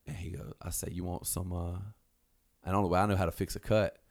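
A guest storyteller with a low, creaky voice talks fast as he casually recounts a rowdy tale. He's animated and swears freely, acting out what people said in raised voices.

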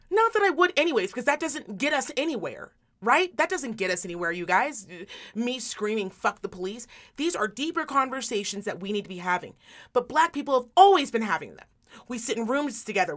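Medical worker lady on a podcast, worked up and swearing, voice sits kinda high. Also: fairly bright tone. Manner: emphatic, heated, frequent swearing. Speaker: podcast host. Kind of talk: impassioned casual talk.

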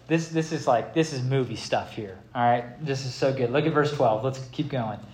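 A man preaching a sermon, animated and theatrical, acting out scripture and laughing along. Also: medium pitch, normal speed, roomy sound, poor audio. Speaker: pastor.

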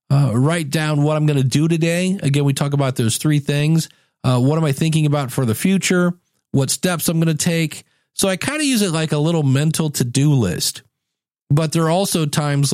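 A man's voice: mid-range voice, darkish tone, dry recording, clean studio sound. A man hosting a casual solo podcast, chatty and self-mocking, often acting out little quoted lines. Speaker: podcast host.

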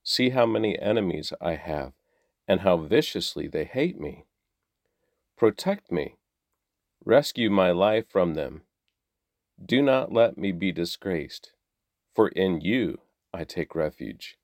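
A man with a low voice reads daily scripture aloud at an unhurried pace. His delivery is steady and measured. The sound is close and dry. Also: no room sound. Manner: slow, measured, steady reading. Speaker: Bible reader.

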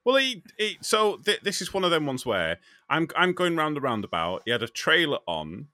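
English driver, bright tone, lively pitch, stammers through explanations. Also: male voice, normal speed, dry recording, clean studio sound. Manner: stammering restarts while explaining. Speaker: professional driver. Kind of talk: casual chat.

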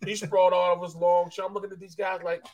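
A man who is a former football player, co-hosting a sports talk show and telling lively stories. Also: high-pitched, very fast, a loud crowd. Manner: lively storyteller.

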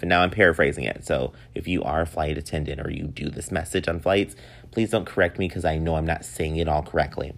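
A man's voice: rumbling low, steady tone, quick pace, gravelly, fairly bright tone. A man in his thirties hosting a solo podcast, chatting in a rambling, easygoing way and laughing often. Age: 30s. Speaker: podcast host. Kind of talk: casual solo podcast monologue.

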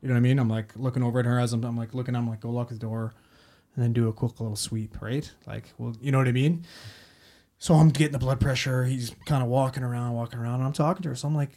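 A man's voice: medium pitch, fairly even intonation, racing, mellow. A man, a paramedic telling a story in casual talk, rambling and swearing a lot. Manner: heavy swearing, rambling with fillers.

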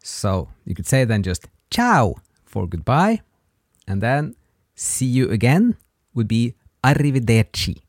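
Guy slowly teaching italian phrases, bouncy pitch, dry close sound. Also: dry recording. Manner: slow, patient, lively pitch when modeling words. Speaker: podcast host teaching Italian. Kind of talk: slow language lesson.

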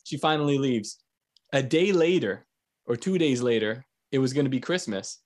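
A man's voice: medium pitch, expressive, normal speed, a little mellow. A man hosting a podcast, telling stories in a casual, crude way and laughing often. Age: adult with young kids. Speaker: podcast host. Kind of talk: casual chat.

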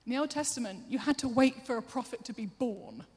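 A woman preacher giving a sermon, chatty and self-deprecating, with quick asides to the congregation. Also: fairly high pitch, a little mellow, breathy edge. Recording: long hall reverb.

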